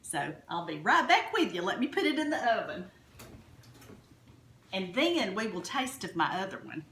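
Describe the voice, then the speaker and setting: A woman's voice: medium pitch, sing-song, moderate pace, a bit bright, roomy sound, a little hiss or hum. A woman with a Southern US accent hosting a chatty home cooking demonstration, folksy and enthusiastic as she talks to her viewers. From Alabama, US South. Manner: folksy, enthusiastic, keeps addressing viewers as y'all. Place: home kitchen.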